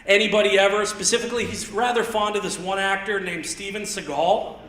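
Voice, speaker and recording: High, bright-voiced man doing stand-up. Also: steady tone. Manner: rambling, self-deprecating, quick asides. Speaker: stand-up comedian. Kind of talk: live stand-up comedy. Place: theater stage. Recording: roomy theater sound, mic heard from a distance.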